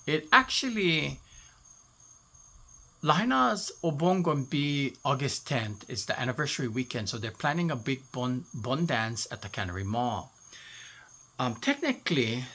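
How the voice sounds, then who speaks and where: A man speaking with a Hawaiian Pidgin lilt and a gravelly, husky voice. His pitch swings widely as he talks casually to his viewers. He is animated, then goes soft and emotional. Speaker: vlogger.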